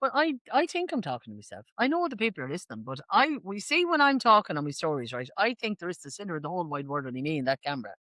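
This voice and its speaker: A woman's voice: on the low side, very animated, racing, few pauses, fairly bright tone, no room sound. A woman with an Irish accent co-hosting a podcast, talking freely and joking often. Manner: chatty, laughs a lot, jokey. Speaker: podcast co-host. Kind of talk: casual chat.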